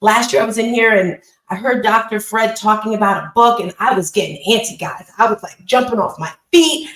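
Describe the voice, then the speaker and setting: A woman's voice: mid-range voice, a little fast, a bit bright, reverberant, rough recording. A woman hosting a live online call as a business coach, giving an upbeat, emphatic motivational talk and repeating phrases.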